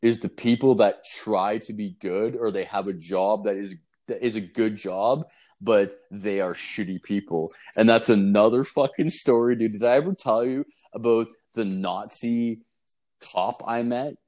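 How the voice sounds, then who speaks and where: A man's voice: on the low side, unhurried, darkish tone. A man telling a rambling, profane story in casual chat, filling it with "like" and "dude".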